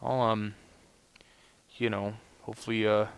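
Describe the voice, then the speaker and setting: Gravelly low-voiced man rambling over gameplay. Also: little pitch movement, measured pace. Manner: rambling, lots of "you know" fillers. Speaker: gameplay commentator. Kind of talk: casual let's play commentary.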